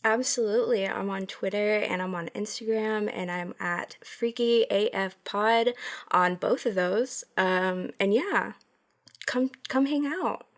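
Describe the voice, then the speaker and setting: A woman's voice: medium pitch, unhurried. A woman guest on a podcast, chatting casually and laughing a lot, guessing with many fillers. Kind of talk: casual chat.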